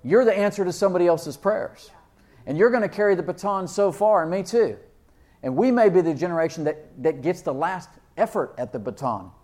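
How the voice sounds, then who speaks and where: A man preaching a sermon, reading scripture slowly and asking his listeners questions, with loud emphatic peaks and frequent laughs. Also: high voice, expressive. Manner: reads King James verses slowly and deliberately; asks the congregation questions and laughs often.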